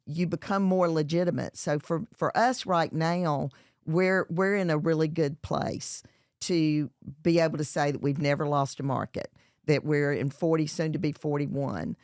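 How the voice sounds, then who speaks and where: A woman's voice: deep voice, normal speed, darkish tone, dry recording, clean studio sound. A middle-aged woman with a Southern US accent, a chef and entrepreneur talking as an interview guest, chatty with many fillers and restarts. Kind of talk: casual interview talk.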